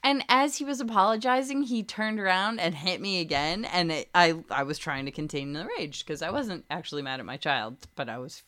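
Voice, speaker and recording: A woman co-hosting a podcast in casual chat, telling animated stories bluntly and swearing freely. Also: lowish voice, fairly quick, hardly any pauses. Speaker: podcast co-host.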